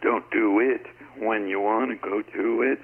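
A man's voice: on the low side, steady tone, measured pace, husky, narrow, tinny audio. A man voicing a vulgar prank caller who chants a crude repeated jingle over a phone voicemail.

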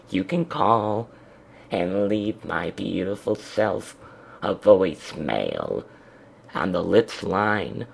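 A man's voice: low-pitched, vocal fry, breathy edge. A man hosting a radio show in a crude, sassy drag persona, drawling and foul-mouthed.

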